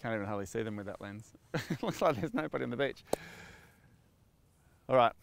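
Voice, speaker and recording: A man's voice: medium pitch, lively intonation, a little fast, creaky, a little hiss or hum. A man with an Australian accent giving an upbeat motivational talk to camera outdoors by the beach. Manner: upbeat, repetitive, coaching questions. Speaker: motivational vlogger, real estate agent.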